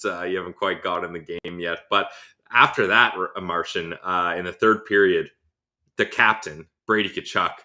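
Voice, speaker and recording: A man hosting a sports podcast, chatting casually with an upbeat, playful manner and quick laughs. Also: low voice, pushed and bright. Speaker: podcast host.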